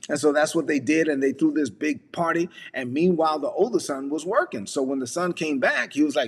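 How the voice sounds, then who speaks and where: A man's voice: on the high side, expressive, brisk, breathy edge, in a large hall. A man preaching a sermon as pastor, retelling a Bible story in casual, conversational dialogue.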